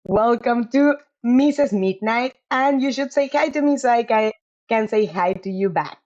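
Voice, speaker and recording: A woman's voice: fairly high pitch, lively intonation, moderate pace, a little mellow. Chatty woman game streamer, lo-fi mic. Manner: chatty, apologetic, laughs often. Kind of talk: casual live-stream chat.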